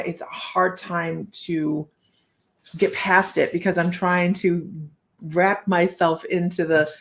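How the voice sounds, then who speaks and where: Here the psychic reader has a lowish voice with vocal fry. Live-streaming a reading, she wanders through loose sentences while musing aloud, chatting with her audience and calling out viewers by name.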